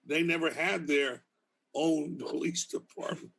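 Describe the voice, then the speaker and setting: A man's voice: fairly high pitch, fairly even intonation, a little slow, gravelly, a bit bright. A man in his fifties with a Boston accent, a criminal justice professor speaking as a podcast guest in a blunt, anecdotal way. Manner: blunt, anecdotal, restarts phrases often. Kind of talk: casual podcast conversation.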